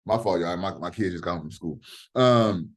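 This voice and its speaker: A middle-aged professor with a deep voice lectures an online class over a video call at normal speed. He talks casually and directly and swears freely.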